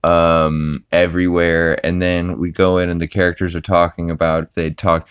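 A young man with a very deep voice and a smooth, resonant tone, recapping an episode on his podcast. He rambles casually and restarts his sentences often. The sound is close and dry. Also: little pitch movement, normal speed, few pauses, dry recording. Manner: rambling, full of fillers and restarts. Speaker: podcast host.

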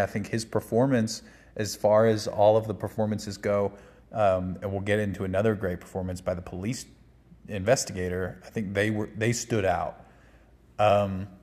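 A man's voice: lowish voice, a little mellow. A man giving a casual, rambling spoken movie review, full of fillers and restarts. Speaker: film reviewer.

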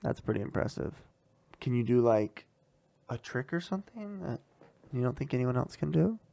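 A woman's voice: rumbling low, big pitch swings, normal speed, vocal fry, dark tone. A woman interviewing her young child in a casual, chatty, encouraging way, laughing often.

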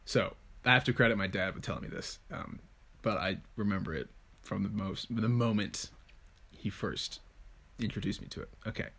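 A man's voice: on the low side, moderate pace, a bit bright, husky. A man hosting a podcast, playful and rambling, laughing often as he chats with his guest. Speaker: podcast host. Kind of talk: casual chat.

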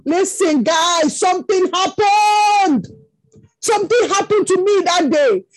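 A woman preacher praying over listeners on an online call, impassioned and often shouting, breaking into tongues. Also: very high-pitched, slow pace, no echo. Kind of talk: fervent preaching and prayer.

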